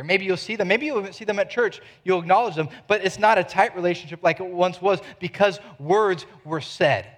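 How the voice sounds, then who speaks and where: A man's voice: high-pitched, fairly bright tone. A man in his thirties, a pastor preaching a sermon, who keeps pressing his listeners with direct questions.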